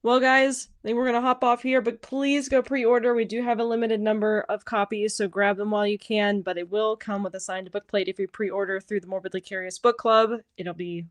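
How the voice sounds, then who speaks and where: A woman's voice: mid-range voice, little pitch movement, a little fast, few pauses. A woman in her thirties hosting a book club video chat, friendly and chatty. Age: 30s.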